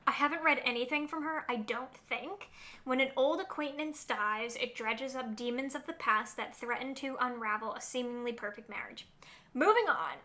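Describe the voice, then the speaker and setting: Gushing, high-voiced young woman vlogger. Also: moderate pace. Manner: gushing, excitable, lots of "like" and "oh my God". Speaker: book vlogger. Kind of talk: casual vlog chat.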